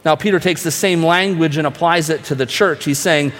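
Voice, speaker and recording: A man's voice: fairly high pitch, brisk, few pauses, fairly bright tone. Preaching man in a reverberant hall. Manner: earnest preaching with rhetorical questions. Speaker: pastor. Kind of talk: sermon.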